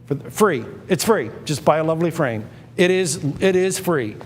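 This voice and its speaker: Emphatic, excitable auctioneer man. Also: a little high, normal speed, long reverb tail, slight background noise. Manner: emphatic, repetitive, excitable patter. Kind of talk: live auction sales pitch.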